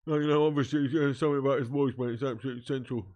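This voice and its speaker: A man's voice: mid-range voice, steady tone, racing, a little mellow. A young man hosting a live football watch-along, bantering with chat, laughing often, swearing and calling everyone mate. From southern England. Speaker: fan channel host.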